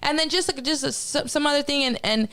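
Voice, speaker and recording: An animated, profane woman telling a story, pitched slightly high. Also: fairly quick. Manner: animated, profane, acts out her own reactions. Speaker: podcast guest. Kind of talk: casual storytelling.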